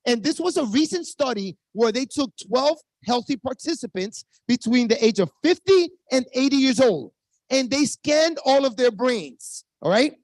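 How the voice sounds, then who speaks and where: A man's voice: very high voice, animated, normal speed, a little mellow, no echo. Hyped fifty-something man, Spanish-accented English. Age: 50s. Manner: hyped, talks straight to the audience, many asides. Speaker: network marketing presenter. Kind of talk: energetic sales pitch. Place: team video call stream. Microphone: video call.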